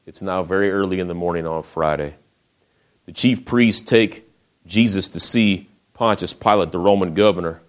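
A man preaching a sermon, retelling the story in a folksy way with acted quotes, often dropping to a hush. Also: low-pitched, normal speed.

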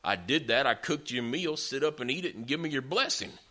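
A preacher voicing a pleading, grieving son. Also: male voice, fairly low pitch, sing-song, unhurried, bright, forceful tone, exaggerated voice. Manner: pleading, plaintive. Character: grieving young man pleading with his father.

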